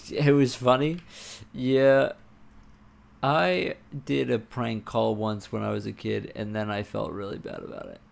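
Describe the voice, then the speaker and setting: Streamer guy, gravelly voice, slow drawl, mutters and swears over keyboard clatter. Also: fairly low pitch. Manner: muttering to himself, swearing, excitable bursts. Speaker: livestreamer coding a game. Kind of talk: casual live-coding stream talk.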